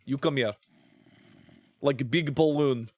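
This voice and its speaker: A man's voice: mid-range voice, measured pace, no room sound, natural voice. A man putting on a bossy mock-Russian scold. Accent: put-on Russian. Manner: bossy, teasing threats.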